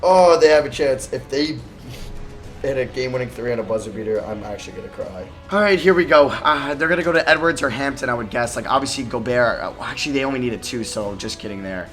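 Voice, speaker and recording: A man talking through his basketball video game as he plays it, his voice sitting at an ordinary middle pitch. He lurches between sudden loud outbursts and quiet, grumbling mutters. Faint music plays underneath him. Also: quick pace. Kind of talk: live gameplay commentary.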